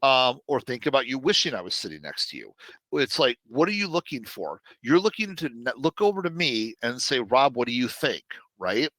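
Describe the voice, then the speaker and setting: A man teaching trading on a live webinar in a loose, chatty way, full of fillers and quick asides to his viewers. His voice is bright and forward, and the sound is dry and close with no room around it. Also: medium pitch, sing-song, no echo.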